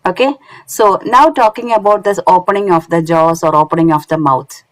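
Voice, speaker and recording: A woman's voice: lowish voice, moderate pace, poor audio. A woman teaching Quran recitation online in English with a non-native accent, explaining step by step and often checking with "isn't it?". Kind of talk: online lesson.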